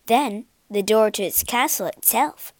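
A woman reading a children's storybook aloud with lively expression. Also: a little high, a little slow, dry recording. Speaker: storybook reader.

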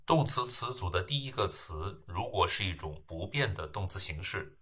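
A man giving a grammar lesson, explaining terms in a measured way and then reading example sentences. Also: low-pitched, lively intonation, bright, forceful tone, husky. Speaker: English grammar teacher. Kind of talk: slow lecture narration with read example sentences.

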